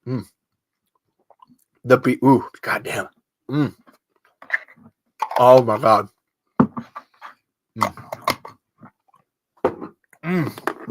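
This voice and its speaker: A man's voice: mid-range voice, drawn-out words, long pauses, background noise. A man hosting a podcast solo in loose, rambling casual chat, swearing freely. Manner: rambling, swearing, self-interrupting. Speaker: podcast host.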